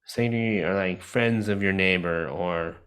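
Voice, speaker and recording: A man with a somewhat low voice teaches a class over a video call. His delivery is relaxed and conversational, full of fillers and restarts. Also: normal speed. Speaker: disability advocate teaching a class. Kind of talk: casual online lecture.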